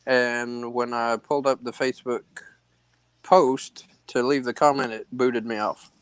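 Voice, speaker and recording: A man joining a casual live stream over a video call, speaking mildly and a little haltingly, teasing himself for being slow. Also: medium pitch, fairly even intonation, smooth, no room sound. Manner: mild, self-deprecating, a little halting. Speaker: co-host guest.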